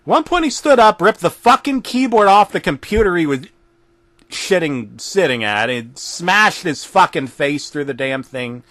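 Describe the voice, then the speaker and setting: Man reading a sweary comedy creepypasta, high voice that swoops up and down, dry sound. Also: lively intonation, measured pace, a bit bright, no room sound. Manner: crude, profane storytelling. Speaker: narrator. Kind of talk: comedic horror story reading.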